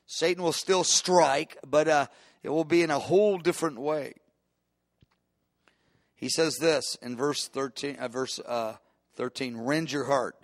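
A man's voice: a little high, fairly bright tone, dry recording, clean studio sound. A man preaching a sermon with impassioned delivery, often restarting phrases and building to emphatic peaks.

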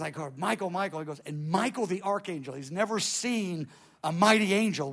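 A man telling a dramatic testimony as a preacher, animated, with his volume rising and dropping and many restarts. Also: sits high.

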